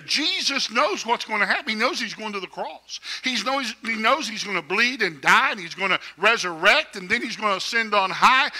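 A man's voice: extremely high pitch, sharp tone. A man preaching a sermon to his congregation, folksy, with joking asides. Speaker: pastor.

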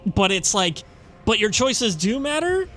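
A man's voice: high-pitched, big pitch swings, unhurried, fairly bright tone, faint music behind. A young man commentating casually on a horror game, rambling, laughing and swearing. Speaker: let's play host.

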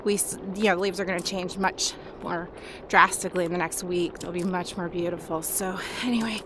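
A woman's voice: on the low side, little pitch movement, fairly quick. Breathless woman vlogging on a windy trail. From Wisconsin. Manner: chatty, breathless, gushing about scenery. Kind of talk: casual walk-and-talk vlog. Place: outdoors on a windy rural trail. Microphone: handheld camera. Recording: wind noise on the mic.

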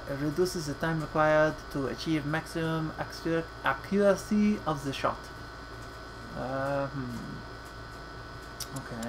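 Playful, cussing let's play host. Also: male voice, a little high, fairly bright tone, slight background noise, rough recording. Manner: playful, swears freely, laughs often, rants; reads game text aloud slowly and dramatically. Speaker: gaming channel host.

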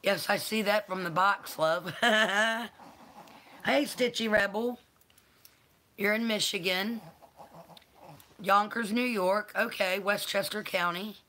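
Woman, unhurried, bright voice, affectionate live-stream host. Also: medium pitch. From North Carolina. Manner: affectionate, calls viewers honey and baby. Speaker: channel host. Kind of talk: live-stream chat, greeting viewers.

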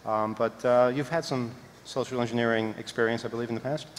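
A man hosting a live conference panel, relaxed and self-deprecating. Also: mid-range voice, a little fast. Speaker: panel host. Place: large conference hall, live audience. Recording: large hall with reverb, clear crowd and noise.

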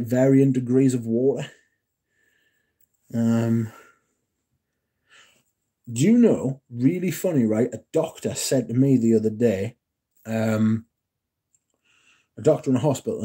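A man's voice: fairly low pitch, moderate pace, pauses often, warm tone, husky. A man hosting a casual livestream, chatting and joking with viewers and swearing freely. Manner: sweary, joking banter with chat. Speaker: livestream host. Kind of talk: casual livestream chat reading comments.

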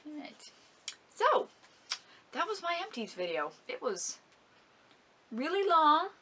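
A woman's voice: high voice, very animated, slow, bright, forceful tone, slight background noise. Chatty, giggly young woman vlogger. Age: young adult. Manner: chatty, giggly, dramatic complaints. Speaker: beauty vlogger. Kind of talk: casual product review vlog.

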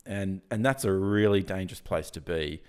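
A man, croaky from the early hour, talking with energy as a podcast guest and often restarting his sentences. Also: deep voice, normal speed, a little mellow. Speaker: guest, software founder. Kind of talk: casual podcast interview.

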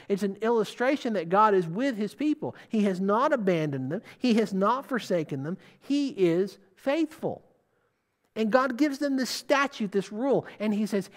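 A preacher giving a sermon, putting questions to the listeners and stressing key words. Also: medium pitch.

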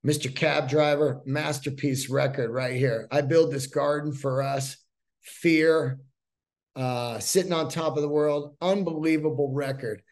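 A man's voice: fairly high pitch, fairly even intonation, unhurried. A man in his fifties hosting a casual solo podcast as a stand-up comedian, rambling through profane stories and acting out the dialogue. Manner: profane, rambling storyteller who acts out quoted dialogue.

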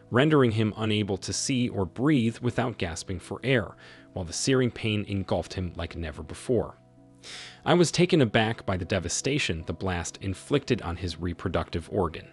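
Low, husky male story narrator. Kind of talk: scripted first-person story narration.

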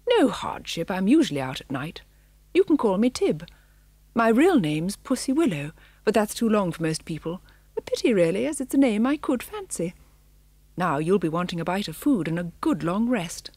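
A woman voicing a brisk, friendly female tabby cat who talks in a chatty, homely way in an audiobook. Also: mid-range voice, sing-song, a little mellow, no room sound.

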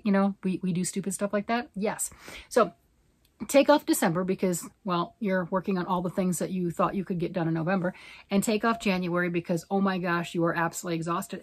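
A middle-aged woman with a voice on the low side chats rambly and self-mockingly in her knitting and crochet vlog, asking rhetorical questions along the way. The recording is dry.

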